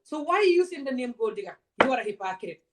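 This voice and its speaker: A woman's voice: high voice, big pitch swings, racing. Fiery woman. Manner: passionate, confrontational, many rhetorical questions. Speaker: vlogger. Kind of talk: direct-to-camera rant.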